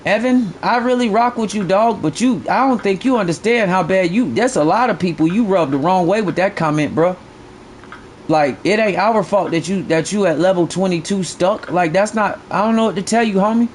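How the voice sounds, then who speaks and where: A man's voice: high-pitched, normal speed, slight background noise. Blunt, profane male game streamer. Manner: blunt, profane, repeats himself while ranting. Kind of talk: live stream commentary.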